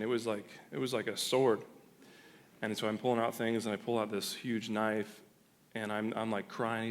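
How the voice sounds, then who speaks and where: A male pastor telling a personal story in a sermon, animated and full of restarts. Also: medium pitch. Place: church sanctuary.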